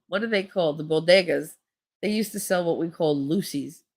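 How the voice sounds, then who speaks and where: A woman's voice: sits low, a bit bright. A woman in her fifties telling rambling, profane stories in a casual video, laughing often. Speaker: channel host. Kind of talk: casual storytelling.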